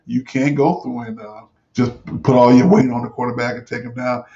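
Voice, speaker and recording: A man hosting a casual sports talk show, his voice gravelly with a mid-range pitch. He rambles through his points with frequent fillers and restarts. The recording sounds dull and lo-fi. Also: fairly even intonation, brisk, warm tone.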